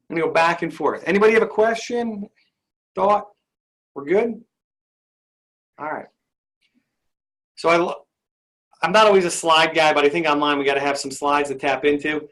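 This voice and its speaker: A man's voice: a little high, fairly bright tone. A male sales trainer leading an interactive session, upbeat and often asking his audience questions.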